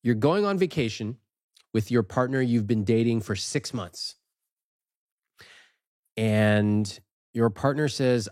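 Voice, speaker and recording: A man's voice: mid-range voice, takes it slowly, pauses often, no echo, studio quality. A man from the United States interviewing a guest, playful and given to bursts of laughter. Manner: playful, giggly, animated. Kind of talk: casual interview. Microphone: studio microphone.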